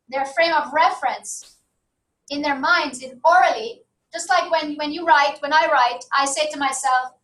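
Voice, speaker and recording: Woman, lecturer, conversational, high voice, distant mic, echoey classroom. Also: fairly bright tone. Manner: conversational, asks the class for agreement. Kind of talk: university lecture. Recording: echoey room from far off.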